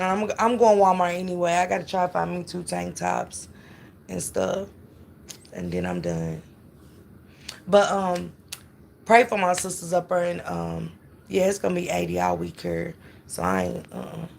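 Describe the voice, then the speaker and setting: Chatty middle-aged woman with a gravelly edge. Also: medium pitch, a bit bright. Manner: chatty, greets viewers by name. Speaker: livestream host chatting with viewers. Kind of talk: casual livestream chat.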